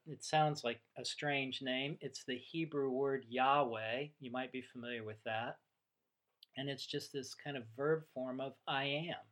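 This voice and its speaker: A man preaching a sermon, teaching in an unhurried, reflective way and voicing the dialogue of the story he retells. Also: mid-range voice, a bit bright. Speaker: pastor.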